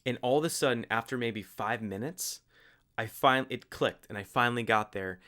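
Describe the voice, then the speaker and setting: A young adult man telling a personal story in casual, animated speech, full of fillers and restarts. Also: mid-range voice, normal speed. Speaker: host.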